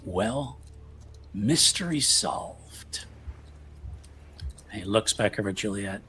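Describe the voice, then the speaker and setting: A man running a tabletop vampire game as game master, his voice sitting on the low side. He narrates in a relaxed, hesitant way with fillers. Quiet music plays behind him. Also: brisk.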